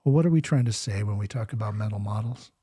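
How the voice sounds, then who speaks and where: A middle-aged man hosts a conversational interview, pausing often and filling gaps with "uh." His voice is husky and mellow. It sounds dry and close to the mic. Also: on the low side, no echo. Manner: measured, hesitant, many uh fillers. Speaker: podcast host.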